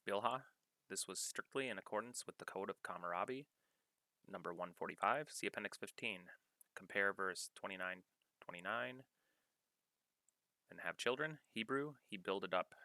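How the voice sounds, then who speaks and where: A man with a low, forceful voice reads scripture aloud, working slowly and deliberately through verses and their study notes. The sound is dry and close. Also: dry recording. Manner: measured, deliberate reading, pausing to cite references. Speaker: scripture reader. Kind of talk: reading scripture aloud with study-note commentary.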